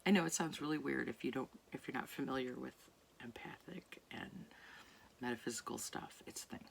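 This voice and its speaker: A woman talking casually to camera late at night in a soft voice that often drops to a near whisper, rambling and searching for words. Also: extremely low pitch, lively intonation, normal speed, creaky, husky. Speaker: artist vlogger. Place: home at night.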